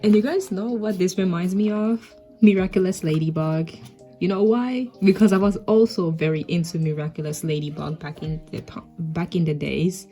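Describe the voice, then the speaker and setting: A woman's voice: lowish voice, steady tone, moderate pace, dark tone, soft background music. A young woman casually commenting on her old comic, laid-back, full of "like" and "I guess".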